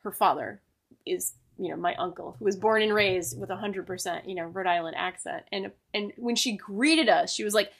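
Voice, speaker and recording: A woman's voice: medium pitch, moderate pace, creaky, husky. A young woman from New England, co-hosting a podcast and telling stories in casual chat with lots of fillers. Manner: chatty storyteller, lots of fillers. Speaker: podcast co-host.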